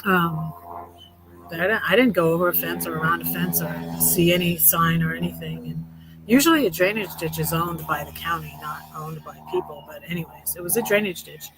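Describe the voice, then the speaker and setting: A woman's voice: fairly low pitch, brisk, background noise. Rambling, sarcastic woman telling a story. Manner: rambling, restarts often, with many fillers; wry and sarcastic. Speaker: vlogger. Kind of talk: casual storytelling chat. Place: her tiny house.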